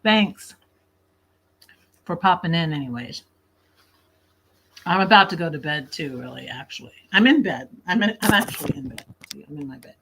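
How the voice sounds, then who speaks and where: A woman's voice: on the low side, lively intonation, normal speed, long pauses, a bit bright, slight background noise. A woman hosting a casual late-night livestream from her bed, chatty, laughing often and snacking while she talks. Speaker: livestream host.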